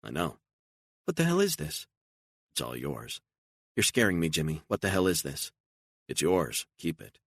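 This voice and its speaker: A frightened, emotional woman on the run, as a deep-voiced man narrator puts her on in an audiobook. She pleads and protests in disbelief, lifting her pitch high above his gravelly baseline. The sound is close and dry. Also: animated, moderate pace, a bit bright, dry recording, heavily acted. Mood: incredulous. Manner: pleading, incredulous, raising voice.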